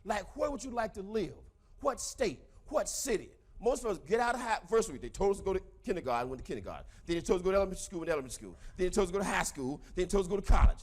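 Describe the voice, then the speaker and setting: A middle-aged Southern man preaches at a seminar audience in a high, quick voice, hammering home his points by repeating them. His delivery is animated and relentless. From American South. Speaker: motivational speaker. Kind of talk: seminar talk to a live audience.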